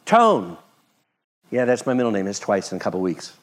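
A man preaching a sermon, expressive, moving between loud emphasis and soft, hushed passages. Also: lowish voice, very fast. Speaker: pastor.

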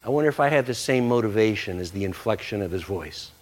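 Pastor preaching a casual, animated sermon with a very lively voice. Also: male voice, lowish voice, quick pace. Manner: animated, conversational, jokey.

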